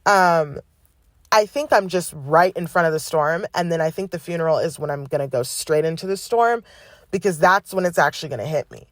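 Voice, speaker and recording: A woman hosting a podcast, speaking in a candid personal monologue, blunt and full of swearing, with halting restarts. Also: low-pitched, no echo, clean studio sound. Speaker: podcast host.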